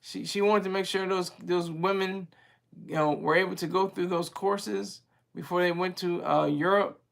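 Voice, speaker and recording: A man with a somewhat high, gravelly voice hosts a casual livestream and talks straight to his viewers. He rambles in a chatty way and is quick to laugh. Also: steady tone, a bit bright. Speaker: livestream host reading viewer chat.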